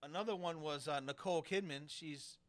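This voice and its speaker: Fast, bright-voiced podcast guy. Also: on the high side, no room sound. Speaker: podcast co-host. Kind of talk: casual chat.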